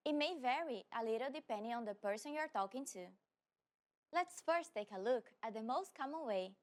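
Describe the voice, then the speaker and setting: High-voiced woman hosting a language lesson. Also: expressive. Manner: friendly instructional tone, slows down for repetitions. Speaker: language teacher and host. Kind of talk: scripted beginner lesson.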